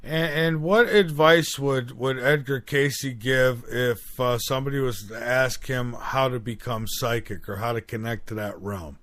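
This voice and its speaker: A man hosting an interview, asking his guest questions in a measured, polite way. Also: medium pitch, a bit bright. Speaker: interview host.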